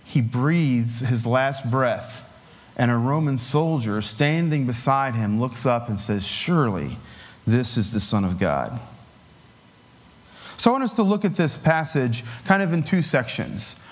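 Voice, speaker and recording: A man preaching a sermon in a relaxed, conversational way, with filler words and light chuckles. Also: mid-range voice, measured pace.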